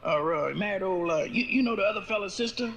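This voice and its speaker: A man doing a forgetful gossip who stammers through every sentence and keeps losing the thread. The voice is pitched high above a gravelly base and comes out sharp and bright. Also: quick pace, slight background noise. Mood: flustered gossip. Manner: stammering, excited, repeating himself.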